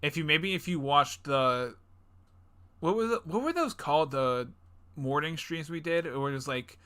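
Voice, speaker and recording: Bright-voiced joking young podcast host. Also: male voice, on the high side, expressive, moderate pace, clean tone. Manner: jokey, laughing, rambling with restarts. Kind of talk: casual chat.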